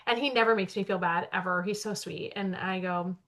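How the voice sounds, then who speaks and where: Chatty woman in her 30s, podcast co-host, bright and forceful delivery. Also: medium pitch, fairly even intonation, a little fast. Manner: chatty, self-described loud talker. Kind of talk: casual chat.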